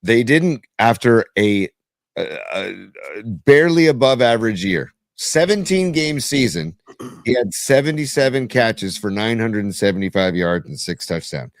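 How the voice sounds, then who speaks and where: A man's voice: medium pitch, expressive, moderate pace, dry recording. A man co-hosting a casual sports podcast, sounding weary and frustrated, often restarting his sentences. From San Francisco Bay Area. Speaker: podcast co-host.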